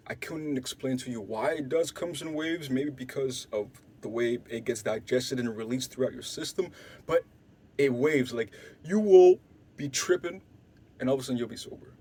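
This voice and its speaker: A man's voice: medium pitch, slightly rough. A young man from Canada telling a wild story in casual slang, swearing freely and acting out other people's lines. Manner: animated, swearing, acts out quotes loudly and softly.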